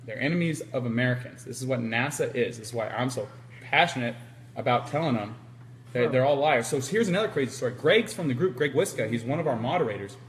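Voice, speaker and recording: Talking quickly in a mid-range voice, this livestream interviewer chats casually with a guest, recorded on a handheld camera with slight background noise. He tells stories animatedly and acts out quotes.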